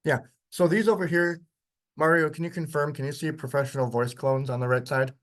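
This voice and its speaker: A man's voice: a little high, steady tone, a little fast. Chatty male workshop instructor. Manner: casual, chatty, with short chuckles and frequent ums. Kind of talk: live software demonstration lecture.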